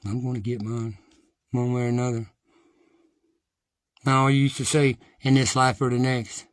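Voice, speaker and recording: A man's voice: medium pitch, flat delivery, normal speed, no room sound. A middle-aged man giving an impassioned, defiant monologue to his viewers, blunt and heavily profane. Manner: rises to agitated, loud ranting.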